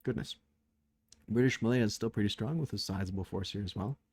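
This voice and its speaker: A man's voice: fairly low pitch, fairly quick, a little mellow, slightly rough, dry recording. A man casually recapping a turn of a strategy board game, thinking aloud with many fillers, tired late at night.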